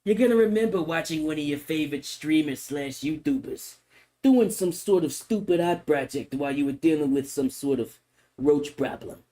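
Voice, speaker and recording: Animated male streamer, fairly high voice. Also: moderate pace. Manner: animated, mock-solemn lecturing. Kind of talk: casual livestream chat. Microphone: microphone.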